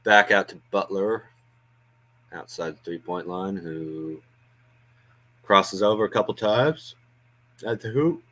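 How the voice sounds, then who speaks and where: A man's voice: sits low, slow, long pauses, a bit bright. A man hosting a fan watch-along stream, giving casual live play-by-play with chatty asides, frequent ums and uhs.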